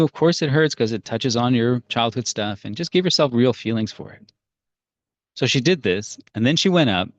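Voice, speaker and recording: A man's voice: mid-range voice, no room sound, lo-fi sound. A man teaching parents a strategy in an earnest, storytelling way. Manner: earnest, storytelling with acted-out quotes. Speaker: parenting coach.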